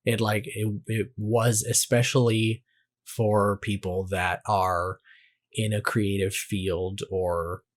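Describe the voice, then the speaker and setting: Husky-voiced man co-hosting a podcast. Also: lowish voice, little pitch movement, slow pace. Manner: hesitant, restarts phrases, reads trivia aloud. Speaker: podcast co-host. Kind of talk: casual movie review chat.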